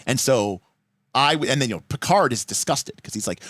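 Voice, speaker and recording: Man, game master on a livestream, animated pitch, enthusiastic, digressive, dry close sound. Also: a little fast, no echo. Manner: enthusiastic, digressive, talks in quoted asides. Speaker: game master teaching a tabletop RPG. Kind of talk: casual livestream explanation.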